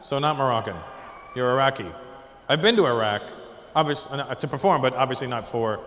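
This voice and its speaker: A man with a medium-pitched, slightly bright voice delivers a brisk stand-up set in a big, echoey comedy hall. He works the crowd and acts out characters on a handheld stage mic, with the live audience audible and a little background noise.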